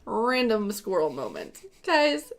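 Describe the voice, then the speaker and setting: A sleep-deprived woman co-hosting a casual livestream, chatty and bubbly, often trailing off softer. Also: mid-range voice, wildly swooping pitch, takes it slowly, gravelly. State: tired from little sleep. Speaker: co-host.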